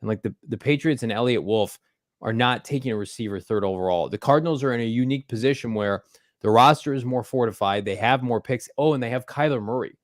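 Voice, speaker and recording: A man hosting a sports podcast in a studio, driving his points home with punchy emphasis. His voice sits at an ordinary middle pitch, and the sound is close and dry with no room echo. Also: fast talker. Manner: emphatic, opinionated, punchy delivery. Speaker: podcast host. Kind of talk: casual sports podcast chat.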